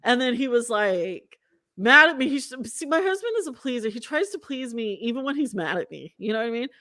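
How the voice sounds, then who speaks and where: A woman in her forties with a fairly high voice, telling a story in a casual chat. She is animated and profane, and she quotes herself and others as she goes. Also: a little fast, no room sound, studio quality. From Southern California. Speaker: podcast host.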